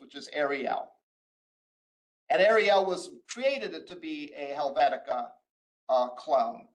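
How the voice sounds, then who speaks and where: Instructor, male, high-pitched, talks through screen-share code with fillers and restarts. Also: low-quality recording. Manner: explains step by step, frequent "uh" and restarts. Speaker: college instructor. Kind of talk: recorded screen-share lecture.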